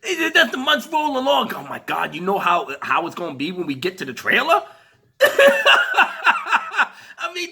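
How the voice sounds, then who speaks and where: High-voiced guy ranting and swearing, laughing, lively swoopy delivery. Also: measured pace, vocal fry, pauses often, husky. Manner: heated, profane, laughing. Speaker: commentary vlogger. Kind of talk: profane ranting commentary.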